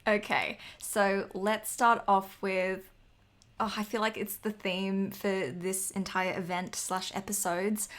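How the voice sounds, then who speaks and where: A woman's voice: mid-range voice, flat delivery, slow pace, fairly bright tone. A young woman co-hosting a podcast in casual chat, chatty and emphatic, laughing often. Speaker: podcast co-host.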